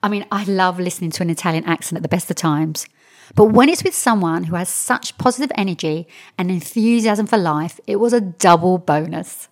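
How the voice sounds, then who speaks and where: A woman's voice: lowish voice, brisk. A woman hosting a podcast, recapping guests in an effusive, upbeat manner. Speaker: podcast host. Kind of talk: episode recap narration.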